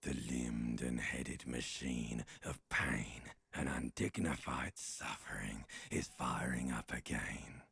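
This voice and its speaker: A man voicing an ominous, ancient primal voice inside the mind, speaking in a slow, deep, gravelly half-whisper for a video game. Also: a bit bright, no echo, heavily acted.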